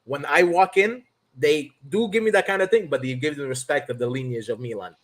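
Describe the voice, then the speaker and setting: A man from Canada tells stories with lots of swearing and acts out the lines of the people in them. His pitch leaps and dips. His voice sits a bit high for a man. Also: a little fast. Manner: profane animated storyteller, acts out dialogue. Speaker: podcast co-host. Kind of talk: casual chat.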